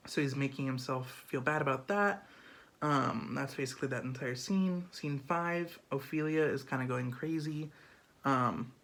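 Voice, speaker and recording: A man's voice: mid-range voice, normal speed, fairly bright tone. A man giving a casual, chatty summary of a play, full of fillers and acted-out asides. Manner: chatty, filler-heavy, lots of "um" and "like".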